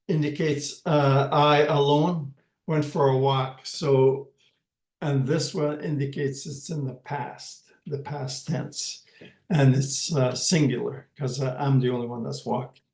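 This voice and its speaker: A man teaching a language lesson in a slow, patient way, repeating each word and checking in with "okay" as he goes. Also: a little high, fairly even intonation, a little mellow, reverberant.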